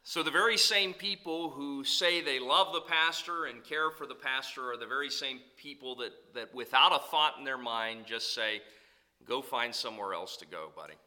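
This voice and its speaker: A man preaching as a pastor, swinging between loud calls and soft, low asides. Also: normal speed, few pauses. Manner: preaching with sweeping rises and drops in pitch and volume. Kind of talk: sermon.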